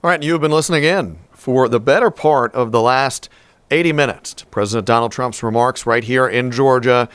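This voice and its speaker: A man anchoring live news, wrapping up coverage in a measured way. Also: mid-range voice, a bit bright, smooth, dry recording.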